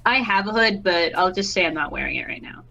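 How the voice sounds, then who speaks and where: A woman's voice: lowish voice, lively intonation, fairly quick, creaky, pushed and bright, poor audio. A woman playing in a tabletop game, chatting casually with many fillers and giggles. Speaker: player. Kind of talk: casual chat.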